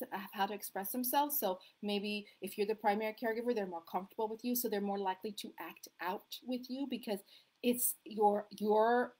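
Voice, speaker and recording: A middle-aged woman talks to her viewers in a casual, animated way, as a family mediator giving advice. Her voice sits a bit high, and she often acts out what parents say. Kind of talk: live video talk to viewers.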